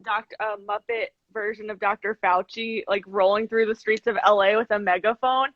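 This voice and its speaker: A woman's voice: medium pitch, steady tone, moderate pace, no echo, dull audio. A woman co-hosting a live-stream discussion, talking in an emphatic, scornful way. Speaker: podcast co-host.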